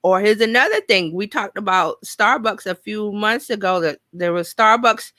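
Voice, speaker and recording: Chatty woman hosting, bright voice. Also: medium pitch, normal speed, dry recording. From New York. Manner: chatty, thinks aloud, reads viewer comments. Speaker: host. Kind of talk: casual live show chat.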